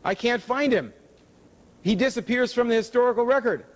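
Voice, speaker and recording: A man giving a public lecture with slides, emphatic, with pitch rising on key words. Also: moderate pace. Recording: hall reverb from a lecture room.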